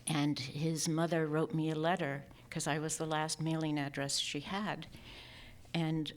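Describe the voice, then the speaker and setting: Woman with a low voice, soft emotional memorial speech, half whispered at times. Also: level tone, unhurried. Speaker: speaker at a memorial gathering. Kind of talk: personal remembrance speech.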